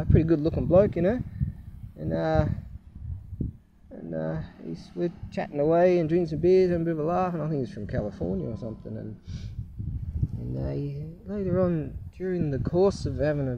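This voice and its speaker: A man's voice: on the high side, creaky. Rambling middle-aged man, muffled distant recording. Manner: rambling, chuckles often, many fillers and restarts. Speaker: channel host. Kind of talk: casual rambling vlog chat. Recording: muffled, distant, loud background noise.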